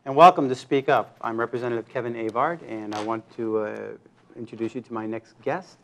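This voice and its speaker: A man's voice: mid-range voice, fairly quick, fairly bright tone. A man hosting a local interview show, opening with a dramatic scripted intro, then asking questions with many fillers. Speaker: talk show host, state representative. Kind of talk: public access interview show.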